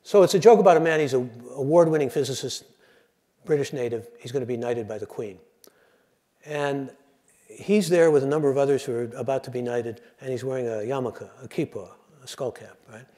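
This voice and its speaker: Mellow-voiced man telling jokes in a lecture. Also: medium pitch, a little fast. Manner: conversational, digressive, relaxed joke-telling. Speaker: public radio host giving a lecture.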